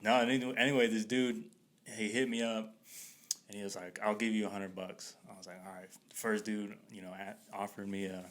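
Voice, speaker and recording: A podcast host telling a story in a laid-back way, swearing freely and laughing through it. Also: male voice, on the low side, little pitch movement, fairly quick. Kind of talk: casual storytelling.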